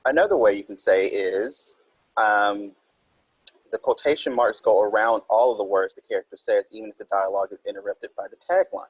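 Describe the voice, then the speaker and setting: A man's voice: on the low side, a little fast, slightly rough, dry recording, rough recording. A man teaching a recorded writing minilesson, explaining step by step and reading example sentences aloud.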